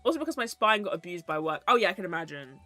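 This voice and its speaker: Bright, lively woman rambling. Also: lowish voice, very fast, dry recording, soft background music. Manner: rambling, chatty, swears casually. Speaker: VTuber streamer. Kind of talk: casual stream chat.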